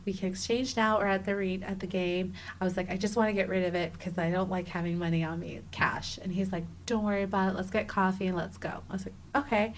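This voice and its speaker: A woman in her thirties, a guest on an interview show, telling a personal story with lively energy and acting out the dialogue. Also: mid-range voice, fast, hardly any pauses, a little hiss or hum, low-quality recording. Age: 30s. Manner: animated, acts out quoted dialogue with many "like"s. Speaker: guest, travel writer.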